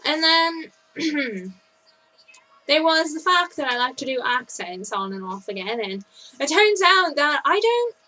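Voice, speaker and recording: A woman in her twenties vlogging casually to camera, telling stories with animated, mock-outraged energy. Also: high-pitched, unhurried, low-quality recording. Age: 20s.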